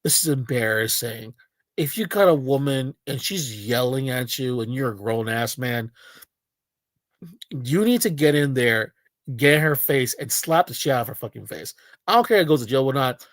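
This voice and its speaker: A man's voice: medium pitch, expressive, moderate pace, no room sound. Crude ranting male streamer, dry close mic. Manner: crude, ranting, rambling with many fillers. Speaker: streamer reacting to a video. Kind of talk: casual livestream commentary.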